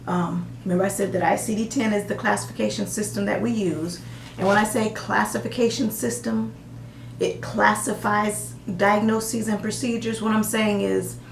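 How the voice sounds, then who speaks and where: A woman's voice: mid-range voice, reverberant, slight background noise. A woman with a Southern US accent, teaching medical coding in a casual, folksy way with everyday examples. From American South.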